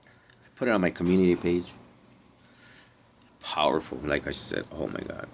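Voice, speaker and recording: Man, spiritual reader, very low gravelly voice, rambling tarot chat, sighs, faint hiss. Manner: meandering, trails off, sighs often; drifts between loud and hushed. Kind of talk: rambling casual tarot vlog.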